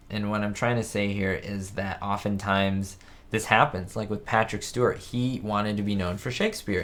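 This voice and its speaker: A man hosting a casual live-stream chat, talking in a rambling, chatty way and reading viewer comments aloud. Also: fairly low pitch. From United States. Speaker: host of a live chat show. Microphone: webcam setup.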